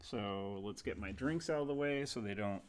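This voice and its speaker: A man's voice: on the low side, normal speed, clean tone. A man chatting casually on a livestream, rambling and self-deprecating with lots of fillers, testing his webcam mic. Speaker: game cafe streamer. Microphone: webcam mic, testing placement.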